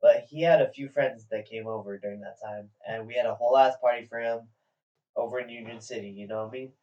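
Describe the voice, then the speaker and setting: A man's voice: mid-range voice, fairly even intonation, fast, dark tone. A man on a casual podcast telling a story in a laid-back, hesitant way with many ums. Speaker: podcast co-host. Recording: distant mic, dull lo-fi sound.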